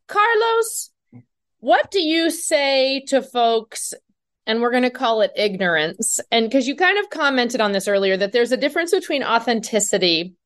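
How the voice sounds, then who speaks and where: A woman's voice: a little high, fairly bright tone. A woman hosting a panel, asking long, winding, chatty questions. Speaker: panel host. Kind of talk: panel discussion.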